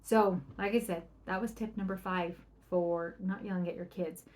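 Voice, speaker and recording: A woman's voice: lowish voice, fairly even intonation, moderate pace. A middle-aged woman hosting a parenting podcast, giving advice in a chatty, upbeat way and often asking "right?". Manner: chatty, upbeat, keeps asking "right?", acts out soft quoted lines. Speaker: parenting coach and podcast host.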